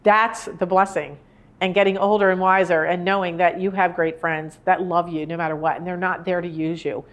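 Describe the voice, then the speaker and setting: A woman's voice: fairly low pitch, fairly even intonation, moderate pace, highs cut off. Earnest woman in her sixties. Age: 60s. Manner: conversational, rambling, earnest. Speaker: grief speaker. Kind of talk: live talk to an audience. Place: indoor room with a live audience.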